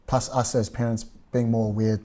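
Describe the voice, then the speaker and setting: A middle-aged man and parent on a panel, talking in a relaxed, rambling way with chuckles. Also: medium pitch, moderate pace. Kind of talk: casual panel chat.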